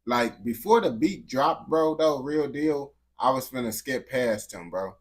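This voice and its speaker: A man's voice: mid-range voice, animated, a little slow. Slangy man reacting casually. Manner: slangy, repeats "bro" and "gang", restarts often. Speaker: reaction video host.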